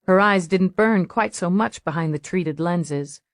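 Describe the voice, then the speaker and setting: Woman audiobook narrator, measured storytelling, fairly low voice, dry close studio sound. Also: dry recording. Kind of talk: scripted narration.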